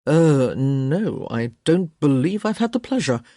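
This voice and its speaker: A woman voicing a wry young gentleman who makes dry, sardonic remarks. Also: low voice, sing-song, unhurried, no room sound, exaggerated voice. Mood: polite.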